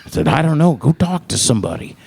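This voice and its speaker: A man's voice: a little high, big pitch swings, fast talker, vocal fry, darkish tone, slightly rough. A middle-aged man telling stories about his music career in casual talk, acting out other people's lines in raised voices and laughing often. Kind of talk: casual storytelling.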